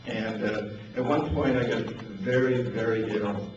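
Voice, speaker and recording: A man's voice: on the low side, fairly even intonation, measured pace, music in the background. Older man telling stories in an echoey room. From New Hampshire. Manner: anecdotal, chuckling, repeats words. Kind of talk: storytelling talk. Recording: echoey distant lo-fi with noise.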